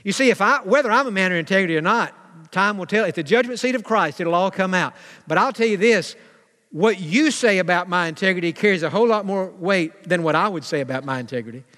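A preacher with a high, bright voice delivers a sermon in a church sanctuary. He drags out key phrases for emphasis and acts out the people he quotes. His voice trails off into the long reverb of the hall. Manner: preaching with dramatic slowdowns and acted-out quotes. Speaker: pastor.

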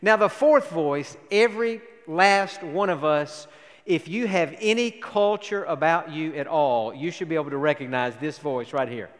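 A man's voice: on the high side, normal speed. A man preaching a sermon and reading scripture aloud to a congregation in a church sanctuary. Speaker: pastor. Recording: long hall reverb.

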